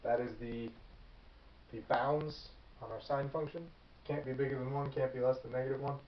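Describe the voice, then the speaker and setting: A man teaching a math lesson in a relaxed, off-the-cuff way, thinking aloud and correcting himself as he goes. He sounds set back from the mic, and his voice carries an echo of the room around him. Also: medium pitch, moderate pace, a little hiss or hum. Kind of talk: whiteboard lecture. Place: classroom. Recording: echoey classroom, far from the mic, dull.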